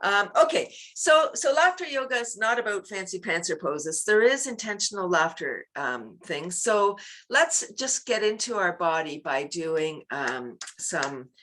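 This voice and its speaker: Woman, laughter yoga teacher, talkative and giggly, bright tone, video call. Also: mid-range voice, big pitch swings, a little slow, few pauses. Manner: chatty, laughs often, bursts into loud laughter chants. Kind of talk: casual interview chat.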